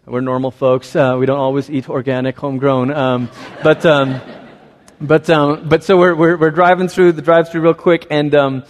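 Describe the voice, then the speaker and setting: Pastor guy preaching, chatty and self-deprecating, kinda high voice, big hall echo. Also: fairly even intonation, normal speed, slight background noise. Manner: conversational, self-deprecating, tells family stories. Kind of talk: sermon.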